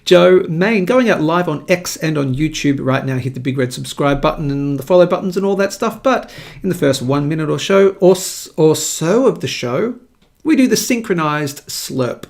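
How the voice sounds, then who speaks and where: Upbeat Australian man with gravelly voice. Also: a little high, expressive, moderate pace. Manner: upbeat, chatty, jokey. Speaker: host of a live market show. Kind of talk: casual live-stream commentary.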